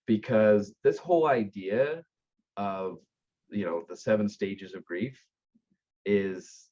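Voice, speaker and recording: A man with a lowish voice tells stories in an earnest, lively way, often restarting his sentences. His audio sounds dull and lo-fi, like a remote call. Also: takes it slowly. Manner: earnest, animated storyteller with repeated restarts. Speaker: guest, aftercare company founder. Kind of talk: conversational storytelling.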